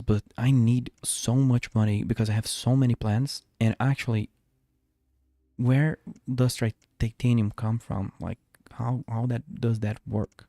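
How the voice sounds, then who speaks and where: A man's voice: medium pitch, fairly even intonation, measured pace, warm tone, dry recording, studio quality. A man streaming a space game, talking to himself in a rambling way with many restarts. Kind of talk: live gameplay commentary. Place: home.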